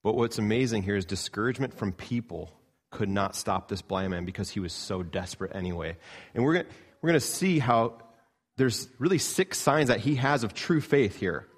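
Male pastor from Canada, low voice, earnest preaching that swings between emphatic highs and quiet lows. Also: lively intonation, moderate pace, breathy edge. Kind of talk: sermon.

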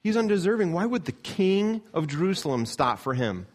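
A man, a pastor from Canada, preaching a sermon in an earnest style, rising to emphatic peaks and dropping low. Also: big pitch swings, moderate pace, darkish tone.

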